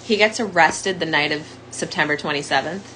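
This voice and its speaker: A woman's voice: low voice, a little fast, sharp tone, slight background noise, low-quality recording. A young woman candidly telling her own story as a survivor, in a conversational monologue full of "like" fillers. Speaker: domestic violence survivor sharing her story.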